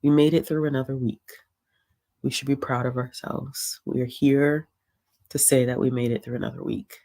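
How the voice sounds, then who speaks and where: A woman's voice: extremely low pitch, fairly even intonation, moderate pace, gravelly, mellow. A woman hosting a casual reading livestream from home, chatting easily with frequent ums and laughter. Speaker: livestream host. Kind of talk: casual chat.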